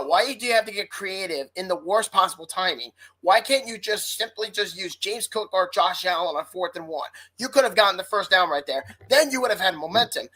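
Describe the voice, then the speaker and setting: A woman's voice: medium pitch, pushed and bright, rough recording. A woman co-hosting a sports podcast, ranting hotly and swearing freely in casual talk. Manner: heated, profane ranting. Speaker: podcast co-host.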